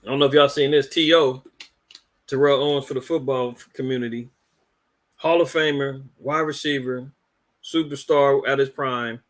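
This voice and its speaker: A man's voice: medium pitch, steady tone, moderate pace. A man hosting a religious commentary podcast, talking in an indignant, preachy way and rambling with repeated words. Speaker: podcast host.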